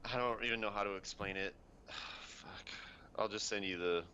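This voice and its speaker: A man co-hosting a casual podcast over an online call, laid-back, quick to laugh, and swearing casually. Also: on the low side, sharp tone, highs cut off, slight background noise. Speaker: podcast co-host. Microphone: online call headset or desk mic.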